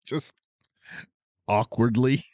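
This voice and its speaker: A man co-hosting a film podcast, going through his notes in a measured, matter-of-fact way. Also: medium pitch, steady tone, mellow, no echo. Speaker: podcast co-host. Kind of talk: casual chat.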